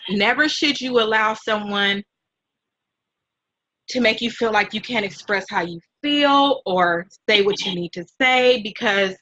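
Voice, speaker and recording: Bright-voiced woman host, heartfelt. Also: medium pitch, poor audio. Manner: heartfelt, animated, mentoring tone. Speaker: host and nonprofit founder. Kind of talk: emotional casual interview.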